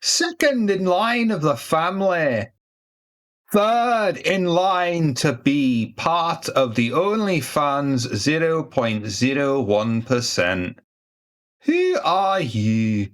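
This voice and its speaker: A woman's voice: low-pitched, lively intonation, slow pace. A woman hosting and running a tabletop game, introducing players in a teasing way. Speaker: game master and host.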